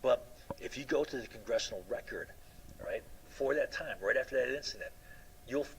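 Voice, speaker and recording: A man's voice: mid-range voice, moderate pace, fairly bright tone, a little hiss or hum, poor audio. A man lecturing a class in a loose, rambling way, often asking "right?" and restarting his sentences.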